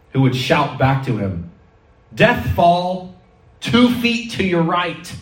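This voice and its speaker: A man preaching a sermon, telling stories in a lively way and acting out the voices he quotes. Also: medium pitch. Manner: animated storytelling preacher, acts out quoted voices. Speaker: pastor. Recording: echoey hall, mic at a distance.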